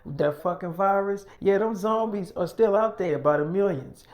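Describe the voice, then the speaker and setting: A man's voice: sits high, moderate pace, a little mellow. A man improvising a role-play story in a casual, profane, slangy way.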